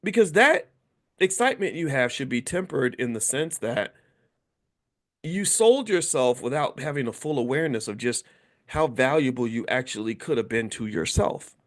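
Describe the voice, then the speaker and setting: Speaking at a moderate pace in a medium-pitched voice, a middle-aged American finance educator gives a casual, animated motivational talk on his own channel. He performs the voices of anyone he quotes.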